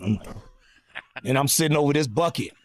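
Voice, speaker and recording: Animated storytelling man in his fifties. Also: on the high side, brisk. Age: 50s. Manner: expressive, acts out quotes, laughs, swears casually. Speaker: podcast guest.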